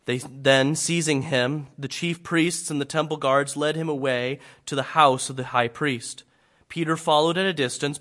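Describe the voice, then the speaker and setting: A man preaching a sermon, telling a scripture story dramatically, swinging from loud to hushed. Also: fairly high pitch.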